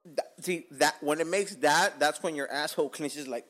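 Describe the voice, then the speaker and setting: Telling a long tale on his podcast at normal speed, a young host sounds a bit bright and swears freely in casual talk. He whispers or spikes his pitch when voicing his own lines.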